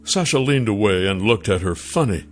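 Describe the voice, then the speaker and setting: A man narrating a fantasy story in a calm, measured way. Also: fairly low pitch, soft background music.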